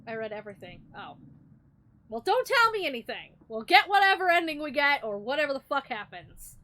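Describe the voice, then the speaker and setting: A bright, sharp-toned woman streams a game, reading its lines aloud and cracking crude jokes in reply. Her voice sits high and leaps up and down. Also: big pitch swings, fairly quick. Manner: reads game text aloud, swears and jokes. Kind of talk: let's-play commentary.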